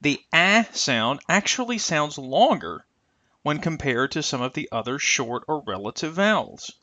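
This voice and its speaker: Man, pronunciation teacher, bright lively voice, dry slightly muffled recording. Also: fairly high pitch, dry recording. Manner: careful, deliberate, stretches example sounds. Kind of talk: scripted instructional narration.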